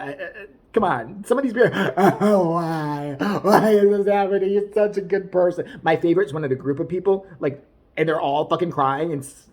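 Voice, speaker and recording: A woman's voice: low voice, slightly rough. A woman ranting in a casual, rambling way, swearing often, laughing and putting on mock outrage as she talks. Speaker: vlogger reviewing a TV show.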